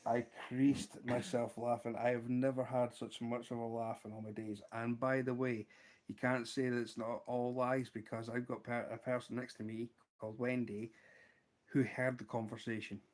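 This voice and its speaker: A man with a Scottish accent hosting a casual livestream, showing fly-tying materials and telling an animated story, laughing often. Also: medium pitch, normal speed. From Scotland. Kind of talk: casual livestream chat and anecdote.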